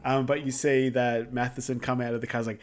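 A man's voice: medium pitch, flat delivery, fast talker, noisy background. A man co-hosting a podcast, recapping a film in casual chat, rambling with lots of fillers and quoting lines. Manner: rambling, filler-heavy retelling with quoted lines. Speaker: podcast co-host.

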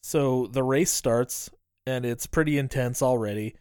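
Man, podcast co-host, casual movie recap, animated storytelling, dry close mic. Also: mid-range voice, a little slow, clean tone, dry recording. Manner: animated retelling with quoted voices, frequent swearing.

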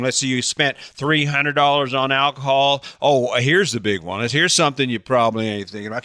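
An older man in a casual monologue, needling his listeners with sarcastic questions and small chuckles. His voice is bright and forward, and it is recorded close and dry with no room sound. His talk rambles loosely with restarts. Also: mid-range voice, clear, resonant tone, dry recording. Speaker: vlogger.

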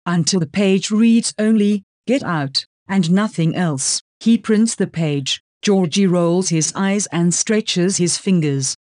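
Low-voiced woman narrating an audiobook. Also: darkish tone, dry recording, studio quality. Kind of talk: scripted narration.

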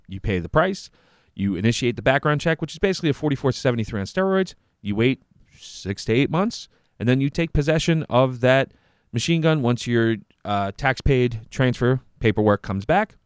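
A man's voice: mid-range voice, clean tone, no echo, studio quality. A man, hosting a podcast and giving heated, profane, sarcastic commentary on clips. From New York. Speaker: podcast host.

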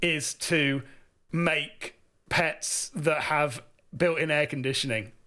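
A man's voice: a little high, takes it slowly, a loud crowd. A man co-hosting a casual chat podcast, dry and teasing. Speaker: podcast co-host.

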